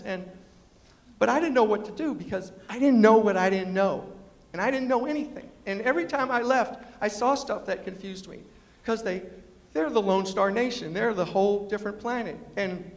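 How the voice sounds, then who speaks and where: A middle-aged man telling funny stories to a live audience in an animated way, quoting people and asking the crowd questions. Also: sits high. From New York City. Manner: animated, quotes people in acted voices, asks the audience questions. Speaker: storyteller and humorist. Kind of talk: comic storytelling talk to a live audience. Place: university lecture hall. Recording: long reverb of a lecture hall.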